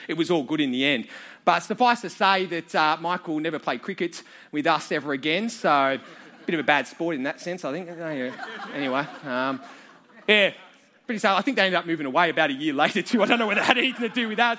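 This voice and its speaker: A man's voice: fairly high pitch, bright, forceful tone. An Australian man preaching to a live audience, telling a funny childhood story with self-mocking humour.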